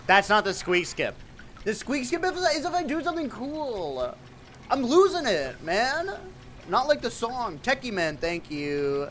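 A man streaming a game live, chatting playfully with his viewers, swearing freely and breaking into sudden excited outbursts. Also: very high-pitched, unhurried, slight background noise. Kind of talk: casual game livestream chat.

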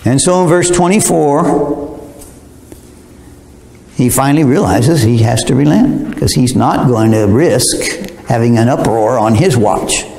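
Here a male preacher teaches scripture verse by verse, unhurried and conversational, often digressing and speaking straight to his audience. His mid-range voice is creaky and darkish with lively intonation, echoing in a roomy hall.

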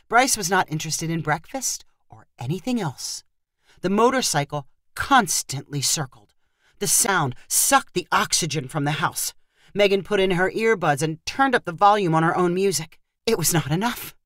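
A woman reading a humorous short story aloud in scripted narration with expressive storytelling. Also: fairly low pitch, no echo, clean studio sound. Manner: expressive storytelling, lively intonation.

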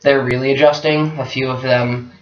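A man in his twenties, telling a personal story in a candid, reflective, soft-spoken way. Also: mid-range voice, little pitch movement, moderate pace. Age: 20s. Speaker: guest partner. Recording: echoey room, dull lo-fi sound.

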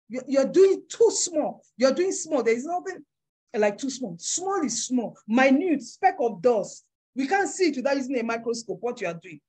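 A woman giving a motivational business workshop in a forceful, preacher-like way, acting out little voices. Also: high-pitched, slightly rough. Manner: emphatic, preacher-like, acts out voices with big swings.

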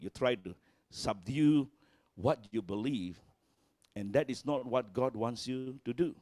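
Slow, emphatic preacher. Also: male voice, a little mellow, no echo. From Malaysia. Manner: emphatic preaching, swinging pitch and volume, acts out quotes. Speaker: pastor. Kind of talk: sermon. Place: church.

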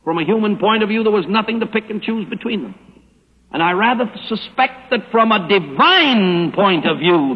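A man pastor giving a radio Bible teaching sermon, preaching emphatically with slow, dramatic stressed phrases. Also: high-pitched, slightly rough. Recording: muffled old radio broadcast with long reverb.

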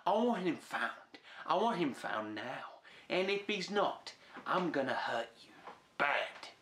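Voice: medium pitch, sing-song, takes it slowly, fairly bright tone, roomy sound, a little hiss or hum. A performer playing a menacing boss who makes blustery threats over the phone. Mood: threatening.

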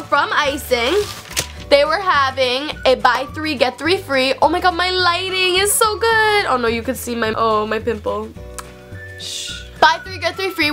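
A woman's voice: sits high, fairly bright tone. A young woman vlogger chatting casually and bubbly about her shopping haul, filling her talk with "like". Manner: chatty, bubbly, heavy use of "like". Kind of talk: casual haul video chat.

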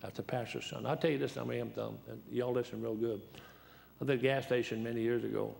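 A man's voice: mid-range voice, steady tone, fast, vocal fry, a little mellow. An older man preaching as a guest, telling folksy, rambling stories and laughing at them. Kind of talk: sermon with storytelling.

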